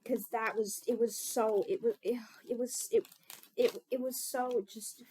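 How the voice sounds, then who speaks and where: A woman's voice: on the high side, fairly even intonation, measured pace, mellow, slightly rough. A young woman chatting casually while she bakes in her kitchen, rambling and mocking herself, swearing freely. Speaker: baking vlogger.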